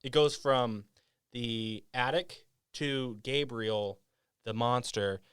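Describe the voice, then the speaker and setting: A man's voice: mid-range voice, slow pace, a bit bright, clean tone, dry recording, studio quality. A man hosting a podcast, casually retelling a movie scene by scene in a rambling way. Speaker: podcast host.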